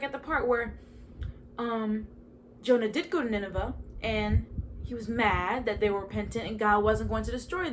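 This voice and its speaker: A young woman at home telling a personal faith story in a chatty, animated way, full of "like" and asides. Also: on the high side, a little hiss or hum. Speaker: podcast host. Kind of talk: casual personal testimony. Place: at home in a chair indoors.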